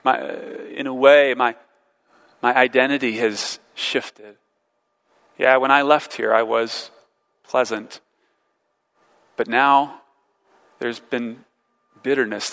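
A man delivers a sermon in a bright, forceful voice, earnest and searching. He often doubles back on his words and poses questions to the congregation. His voice rings with the long reverb of a large hall. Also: medium pitch, fairly even intonation, takes it slowly, long pauses. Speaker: preacher.

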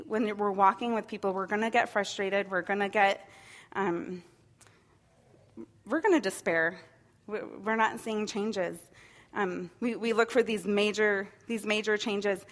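A woman leading a church small group, teaching in a reflective, gently encouraging way with frequent restarts. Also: mid-range voice. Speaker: women's ministry teacher.

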